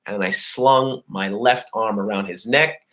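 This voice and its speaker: A man's voice: on the low side, a little slow, a bit bright. Profane, boastful man telling a story. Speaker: host. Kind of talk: casual storytelling to a live chat.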